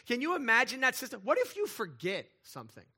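High, bright-voiced male preacher. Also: fast talker, husky. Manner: conversational, animated, checks in with "right?"; playful asides and humor. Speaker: pastor. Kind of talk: sermon.

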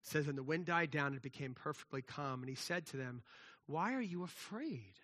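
A man preaching a sermon, casual and conversational, with slang, moving between lively emphasis and hushed, soft passages. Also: a little high, brisk. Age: adult with children. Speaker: pastor.

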